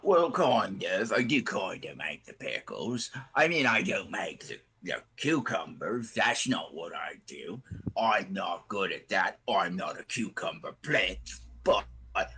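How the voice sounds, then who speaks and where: A rambling half-orc pickle merchant voiced by a man in a tabletop game, friendly and a little slow-witted. The voice sits a bit higher than the speaker's own, and the delivery is slow and husky. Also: very animated, pushed and bright, exaggerated voice. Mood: eager, rambling. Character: simple cheerful male half-orc pickle seller.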